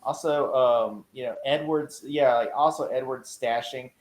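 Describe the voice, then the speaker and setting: A man's voice: medium pitch, a little slow. A man co-hosting a TV recap podcast, rambling in casual chat with lots of "you know" and "like.". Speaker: podcast co-host. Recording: roomy echo.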